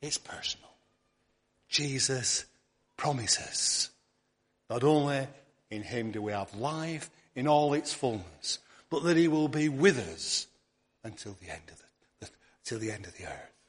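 A man preaching a sermon, earnest, often repeating words and restarting, dropping softly on key words. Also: medium pitch, lively intonation, measured pace, long pauses. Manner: drops to a soft near-whisper on key words.

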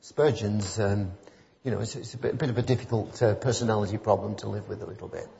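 A man's voice: on the low side, fast, vocal fry, warm tone. Man, chatty rambling sermon, muffled sound, long echo off the hall. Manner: rambling, conversational, rising to fervent emphasis. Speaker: preacher. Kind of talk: informal sermon with anecdotes. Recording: muffled church recording with long reverb.

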